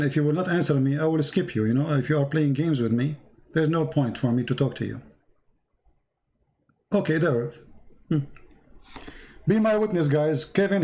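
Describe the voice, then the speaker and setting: A man hosting a live stream debate, insistently repeating his questions to a caller and reading verses aloud, his voice going hoarse. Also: fairly high pitch, warm tone, low-quality recording. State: losing his voice.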